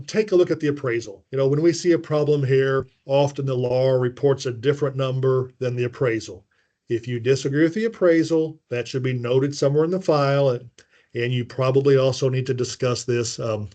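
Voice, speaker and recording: A man's voice: mid-range voice, a little mellow. Man giving a dry-humored webinar lesson. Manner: plain explanatory delivery with dry asides and frequent fillers. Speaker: webinar presenter on bank compliance. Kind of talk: webinar presentation.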